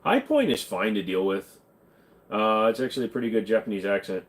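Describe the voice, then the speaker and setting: A man's voice: fairly low pitch, sing-song, fairly quick. A man hosting a casual livestream Q&A, answering viewer questions in a blunt, offhand and joking way. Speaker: channel host.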